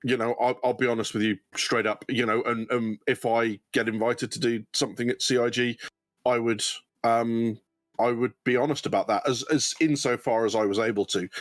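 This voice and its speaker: A man's voice: medium pitch, fairly even intonation, moderate pace, no echo. A man with an English accent co-hosting a casual livestream Q&A, rambling with lots of ums and casual swearing. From United Kingdom. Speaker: co-host.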